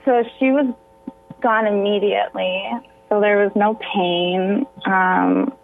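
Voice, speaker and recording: A woman's voice: mid-range voice, steady tone, slow pace, faint music behind. A woman guest on a radio interview, telling a personal story with emotion that sometimes breaks into tears. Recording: tinny phone line.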